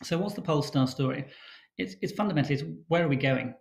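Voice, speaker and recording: A man speaking as a guest author in a livestream interview, telling his stories in a brisk, animated way. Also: fairly high pitch, vocal fry, low-quality recording.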